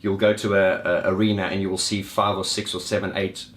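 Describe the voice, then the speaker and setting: A man's voice: deep voice, level tone, fairly quick. A man giving a casual, enthusiastic spoken review of concerts, rambling and restarting as he goes. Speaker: music vlogger reviewing gigs.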